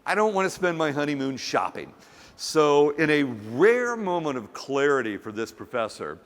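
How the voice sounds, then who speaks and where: A man delivers a keynote in a big conference hall, and his voice carries a long reverb. He tells a funny personal story with a lively, swinging pitch and acts out the quotes. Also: normal speed. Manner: animated, humorous storytelling with acted quotes. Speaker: conference speaker.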